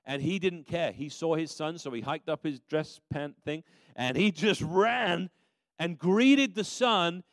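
A man's voice: a little high, measured pace, dry recording. A man preaching a sermon as a minister, telling a story in a conversational way with frequent restarts.

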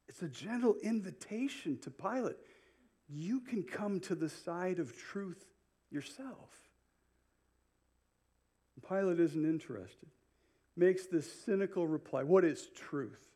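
A man's voice: fairly high pitch, darkish tone. A male pastor preaching an expository sermon, paraphrasing the people in the passage as he goes. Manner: unhurried expository preaching, paraphrasing Bible characters.

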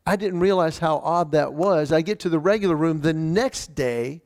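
A man's voice: on the high side, moderate pace, a little mellow. A man preaching a sermon, telling a personal story earnestly with wry humor and often stumbling and restarting his words. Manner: frequent stammered restarts. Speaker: pastor.

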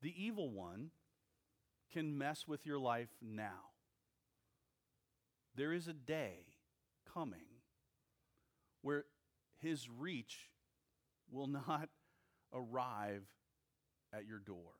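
A male pastor preaching a sermon, with slow, deliberate phrasing and emphatic pauses between short phrases. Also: medium pitch, expressive.

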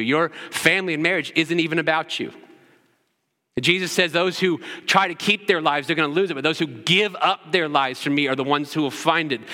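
A man's voice: fairly high pitch, pushed and bright, long reverb tail. A man pastor preaching a sermon, driving his points home with rhetorical questions and repeated emphatic lines.

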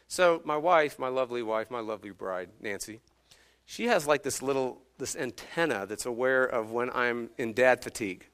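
A man in his thirties preaching a sermon as pastor, swinging from hushed, slow phrases to emphatic, rising ones. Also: mid-range voice, clear, resonant tone.

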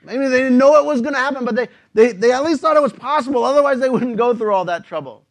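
A man's voice: very high voice, fast. A man preaching a sermon in a casual, conversational way, using slang and often repeating words.

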